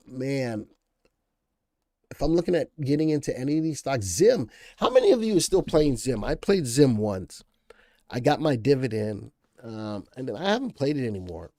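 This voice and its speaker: A man's voice: mid-range voice, dark tone, no room sound, studio quality. A man hosting a live stock-analysis stream, talking casually, thinking aloud and answering viewer comments. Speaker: stock market show host.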